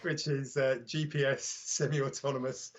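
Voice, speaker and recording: A man's voice: mid-range voice, level tone, moderate pace, dull audio. A man with a British accent chatting casually as a livestream guest, telling self-deprecating anecdotes about his drone channel.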